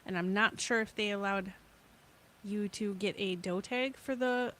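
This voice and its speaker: A woman's voice: medium pitch, measured pace, a bit bright, a little hiss or hum. A woman co-hosting a casual home podcast, telling rambling, chatty stories. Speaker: podcast co-host.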